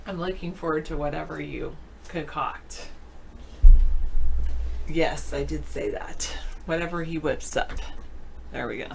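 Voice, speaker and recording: A woman's voice: deep voice, creaky, slight background noise. A woman co-hosting a live online show, chatting casually and answering viewer questions aloud. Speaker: show co-host reading chat. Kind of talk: casual live-stream chat.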